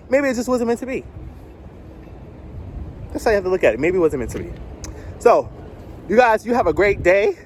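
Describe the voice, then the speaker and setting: A young man with a high, light voice films a candid confessional on his phone while he walks to work on a cold, windy street. He talks in a loose, rambling way and laughs often, and faint traffic noise sits under his voice. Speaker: vlogger. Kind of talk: casual confessional vlog. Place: outdoors on a cold windy city street, walking. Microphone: phone held at arm's length.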